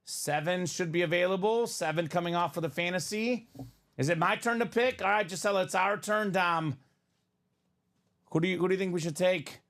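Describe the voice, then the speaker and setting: A man's voice: high voice, moderate pace, fairly bright tone. A man hosting a live card break stream, chatting upbeat and calling out picks and viewer names. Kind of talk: live stream banter and play-by-play.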